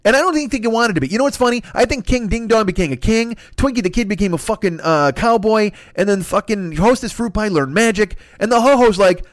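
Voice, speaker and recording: A man rants in a high, swooping voice, cursing and exasperated as he riffs. The sound is close and dry, with no room around it. He jumps into mock voices mid-rant. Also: animated, fast, hardly any pauses, dry recording. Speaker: comedian. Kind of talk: improvised comedic rant.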